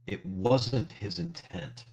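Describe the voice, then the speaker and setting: A man's voice: mid-range voice, expressive, slow, creaky, darkish tone, heavily acted. A man role-playing a talkative, mournful ghost of a young man over a lo-fi voice call. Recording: lo-fi voice call audio.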